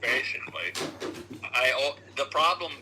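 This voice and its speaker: A man as a guest on a casual live chat, talking in a thoughtful, measured way. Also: medium pitch, very animated, noisy background.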